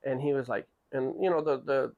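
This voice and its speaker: This podcast host, mid-range and gravelly, talks briskly through a long casual story on a muffled recording. He voices quoted people loudly and animatedly, frequently restarting sentences and repeating words.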